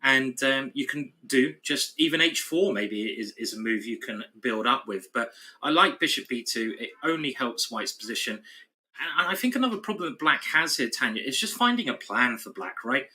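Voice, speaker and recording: A man's voice: mid-range voice, expressive, normal speed, pushed and bright. A man commentating live on a chess game, chatty and explanatory with his co-host. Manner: chatty, explanatory, laughs easily.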